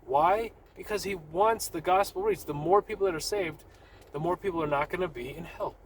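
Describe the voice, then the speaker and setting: A man's voice: high voice, moderate pace, slight background noise, rough recording. A man talking casually but urgently about his faith to the camera while sitting in a car, with rambling restarts. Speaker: Christian vlogger.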